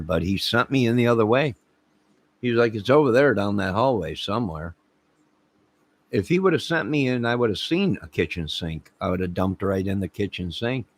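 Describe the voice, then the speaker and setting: A man hosting his own channel, telling a rambling comic story and laughing at his own jokes while acting out the quotes. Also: lowish voice. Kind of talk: rambling comic anecdote to camera.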